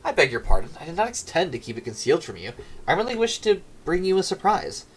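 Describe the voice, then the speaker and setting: A man's voice: fairly high pitch, big pitch swings, fast talker, husky, pitched above the performer's own voice, exaggerated voice, poor audio. A man reading an adoring young noble lady from a game, pleading and admiring.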